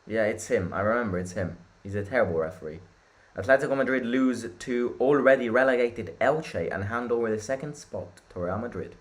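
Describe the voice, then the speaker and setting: A young Italian man hosting a live football watchalong, chatting with viewers and reacting loudly to the play. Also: mid-range voice, fairly quick. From Italy. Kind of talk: live match watchalong commentary.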